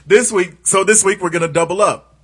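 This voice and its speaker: A man hosting a casual podcast chat with friends, animated and joking, laughing often and swearing freely. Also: high voice, fairly quick, breathy edge. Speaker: podcast host.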